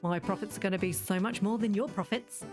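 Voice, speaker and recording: A cranky old woman merchant from a game, forever convinced the competition is out to rob her, as a woman puts her on. She blusters and accuses, her voice climbing high and squeaky. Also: a little fast, over music, natural voice. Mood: boastful. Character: grumpy old woman rival merchant, scrappy and paranoid.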